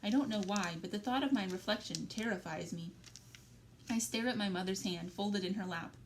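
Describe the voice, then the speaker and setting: A woman reads a novel aloud, steady and even-paced, with quiet emotional weight on key phrases. Her voice sits at a middle pitch over a faint background hum. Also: moderate pace, low-quality recording. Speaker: library story reader. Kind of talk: reading a young adult novel aloud.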